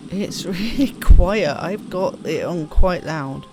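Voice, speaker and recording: A gaming streamer with a lowish voice speaks slowly, casually commenting on her let's-play and reading the on-screen text aloud in a chatty, self-deprecating way. Her voice sits over clear game music against a noisy background.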